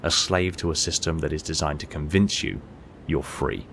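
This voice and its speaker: Deep-voiced male audiobook narrator. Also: vocal fry, slight background noise. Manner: steady, measured storytelling.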